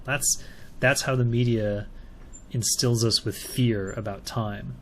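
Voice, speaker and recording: A man's voice: lowish voice, fairly even intonation, measured pace, slight background noise. A man giving casual, tentative commentary while analysing a video. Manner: musing, tentative.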